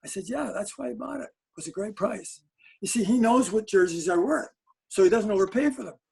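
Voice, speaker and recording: A man telling animated anecdotes on a webinar chat, with frequent restarts and laughs. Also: high voice, a little fast, vocal fry, breathy edge, poor audio. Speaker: sport psychologist guest.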